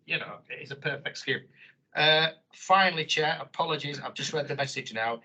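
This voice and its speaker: Board member, man, husky, bright voice, keen. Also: fairly high pitch, a little fast, rough recording. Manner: enthusiastic, informal. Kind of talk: meeting remarks.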